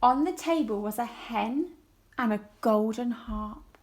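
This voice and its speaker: Teacher reading a story to young children, slow and clear, raised pitch. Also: female voice. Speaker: primary school teacher. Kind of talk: reading a story aloud for a lesson.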